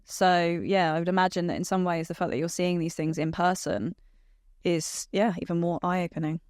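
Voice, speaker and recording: A woman podcast host with a lowish voice shares her thoughts in a reflective, attentive way. Her voice is recorded close and dry. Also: fairly even intonation, moderate pace, darkish tone, no room sound. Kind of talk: conversational interview.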